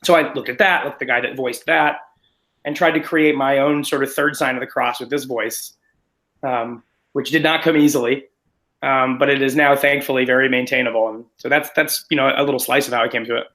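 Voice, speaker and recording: A man, a stage actor, chatting in an interview in an animated, self-deprecating, rambling way. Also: mid-range voice, fairly quick, rough recording. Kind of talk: casual interview chat.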